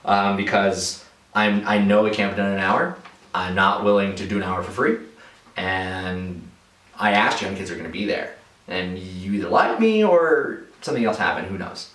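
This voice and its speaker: Low-voiced man in an echoey room. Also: normal speed, fairly bright tone, distant mic. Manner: rambling, conversational, many fillers and restarts. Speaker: balloon artist answering viewer questions. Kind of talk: casual Q&A vlog.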